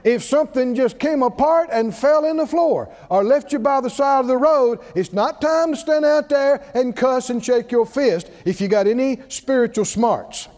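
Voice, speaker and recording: A man's voice: extremely high pitch, normal speed, hardly any pauses, a little mellow, long reverb tail. A man preaching a sermon, drawing call-and-response from the congregation with emphatic, repeated lines.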